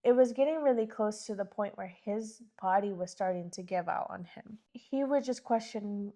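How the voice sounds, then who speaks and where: A woman's voice: medium pitch, moderate pace, hardly any pauses. A woman hosting a podcast, telling a story in casual chat and acting out the quotes with lots of "like"s. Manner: animated, acts out quotes, many "like"s. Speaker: podcast host.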